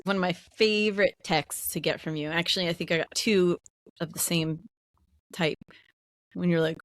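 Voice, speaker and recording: A woman co-hosting a podcast, chatty and quick to laugh, asking questions in casual conversation. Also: fairly low pitch, no echo. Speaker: podcast co-host. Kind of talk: casual chat.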